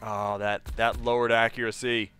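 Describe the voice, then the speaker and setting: Young male streamer, casual and chatty, laughs a lot, mid-pitched voice. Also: little pitch movement, moderate pace, a bit bright, smooth, faint music behind. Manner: chatty, laughs often, reads chat aloud. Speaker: game streamer. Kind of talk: casual live-stream chat.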